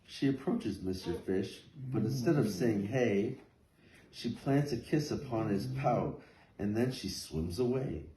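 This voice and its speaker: A man reading a rhyming picture book aloud with a steady rhythmic lilt. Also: medium pitch, unhurried. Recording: echoey room, faint noise.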